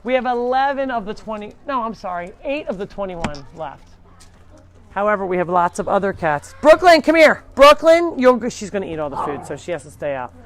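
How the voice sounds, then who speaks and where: Brief: a chatty woman hosting a live farm tour, mid-pitch, talking to viewers and calling to her animals as she walks. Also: fairly quick. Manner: chatty, talks to the animals while touring. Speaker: animal sanctuary host. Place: farm, walking between buildings.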